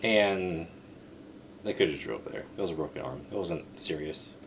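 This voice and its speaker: A woman's voice: extremely low pitch, normal speed, slight background noise. A woman co-hosting a podcast, making dry, matter-of-fact remarks in casual chat. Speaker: podcast co-host.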